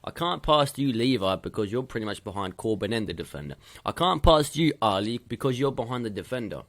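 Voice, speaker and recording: A man's voice: medium pitch, very animated, quick pace, a bit bright. A male youth football coach giving stern feedback on match video, hammering his points home by repeating them.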